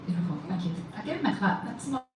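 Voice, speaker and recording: A woman's voice: medium pitch, lively intonation, fast. A woman, a wedding celebrant speaking to the guests in a chatty, upbeat way. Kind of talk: officiating a wedding ceremony. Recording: echoey, distant, noisy.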